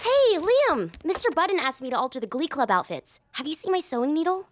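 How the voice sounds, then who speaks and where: A woman's voice: high-pitched, very animated, fairly quick. A woman voicing a cheerful, inventive schoolboy in a cartoon. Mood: upbeat.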